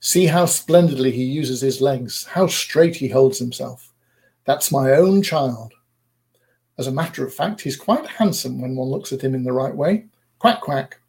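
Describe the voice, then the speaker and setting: A man's voice: mid-range voice, unhurried, creaky, a little mellow. A man voicing a fussy, proud mother duck who scolds, bosses and protects her brood in a storybook reading. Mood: bossy.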